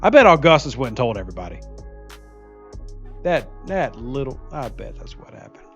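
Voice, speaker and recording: A very animated man of medium pitch speaks at a normal speed with a fairly bright tone, though the highs are cut off and faint music sits behind him. He's streaming a mobile game, joking and laughing often while reading viewer comments aloud in casual chat.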